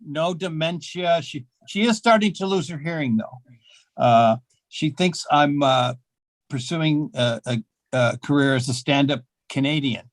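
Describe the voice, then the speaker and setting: An older man works through a stand-up set in a small club, his delivery deadpan and self-mocking, full of hesitant fillers. His voice sits a touch high for a man, and the sound is dry and close to the mic. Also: measured pace, no room sound. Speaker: stand-up comedian.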